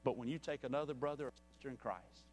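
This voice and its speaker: A man preaching a sermon in a church, reading a story and then pleading earnestly and softly with listeners. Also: mid-range voice, fast, a little hiss or hum. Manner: earnest and pleading, dropping soft.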